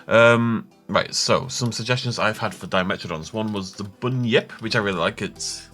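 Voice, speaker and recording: A man's voice: lowish voice, a little slow, long pauses, a bit bright, faint music behind. A man hosting a Minecraft let's-play, rambling and thinking aloud as he chats casually with his viewers. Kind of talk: casual gameplay commentary.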